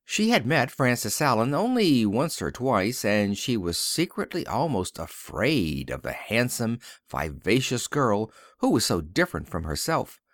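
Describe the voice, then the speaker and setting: A man's voice: medium pitch, big pitch swings, unhurried, few pauses, a bit bright, dry recording, studio quality. A man narrating an old-fashioned story as an audiobook, reading expressively. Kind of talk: scripted narration.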